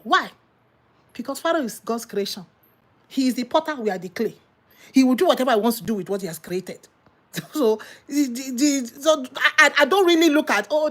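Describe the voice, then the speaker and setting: Fiery high-voiced woman preacher. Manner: animated, exclamatory, rhetorical questions and sudden laughs. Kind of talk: impassioned sermon.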